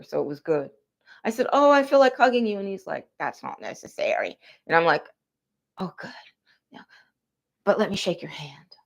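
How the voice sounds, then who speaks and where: Aggrieved woman telling a rambling story. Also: medium pitch. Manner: aggrieved and animated, acting out quotes. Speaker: vlogger. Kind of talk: rambling personal storytelling monologue. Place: outdoors.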